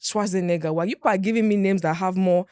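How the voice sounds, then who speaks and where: A woman's voice: mid-range voice, fast talker, mellow, a little hiss or hum. A Nigerian woman co-hosting a podcast, stating her opinions emphatically and repeating her points in casual chat. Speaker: podcast co-host.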